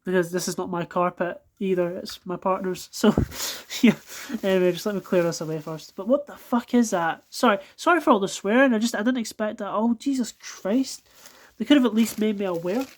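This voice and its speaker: A woman's voice: medium pitch, fairly quick, slight background noise. A Scottish woman filming a casual unboxing vlog at home, swearing a lot in exasperation and apologizing for it as she goes. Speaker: toy collector reviewing die-cast cars. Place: at home, indoors on a carpeted floor.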